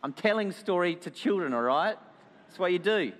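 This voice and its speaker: A man, a pastor, telling a children's story and preaching in a church with animated delivery. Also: high-pitched, normal speed. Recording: echoey hall.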